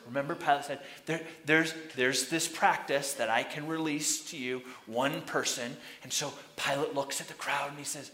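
A man preaching a sermon, retelling a story dramatically and shouting out the crowd's lines. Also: a little high, fairly even intonation, normal speed, reverberant.

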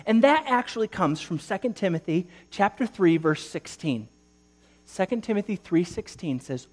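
A man preaching a sermon to a congregation, reading scripture aloud and asking animated rhetorical questions. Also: a little high. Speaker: pastor.

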